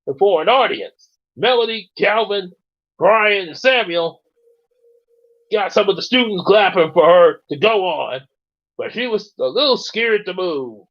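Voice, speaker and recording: A man's voice: high voice, expressive, a little slow, dull audio. A man reading a story aloud and breaking off for rambling, chatty asides. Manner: rambling asides, many "you know"s. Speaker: storyteller and host. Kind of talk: casual story reading with commentary.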